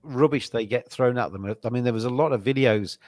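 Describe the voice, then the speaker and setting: A man's voice: medium pitch, a little fast, darkish tone, dry recording. A man from England hosting a podcast interview, chatting casually and rambling with many fillers and restarts. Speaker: podcast host.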